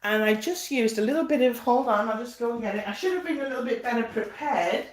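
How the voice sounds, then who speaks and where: A woman's voice: a little high, fast, slight background noise. A woman hosting a casual live stream as a home baker, chatting in a friendly, self-deprecating way as she shows her work. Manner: chatty, self-deprecating, restarts and fillers while fetching things. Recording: echoey room.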